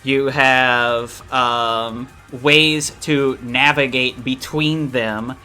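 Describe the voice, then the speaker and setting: Male dev streamer, slow and bright, explaining patiently, soft music underneath. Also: mid-range voice, fairly even intonation. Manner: slow, explanatory, joking asides. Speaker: streamer and modder. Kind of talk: casual dev stream chat.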